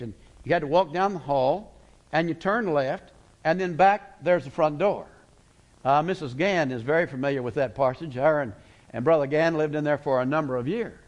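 A man's voice: a little high, muffled recording. A middle-aged man preaching a folksy, emphatic sermon as a guest preacher in a church. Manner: folksy, emphatic, slows words for weight. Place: church sanctuary.

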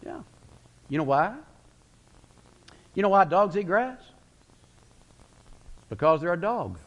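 A man preaching a sermon, folksy and storytelling, slowing down for emphasis then speeding up. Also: sits high, lively intonation, dull audio. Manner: folksy storytelling preacher, pace swinging slow and fast.

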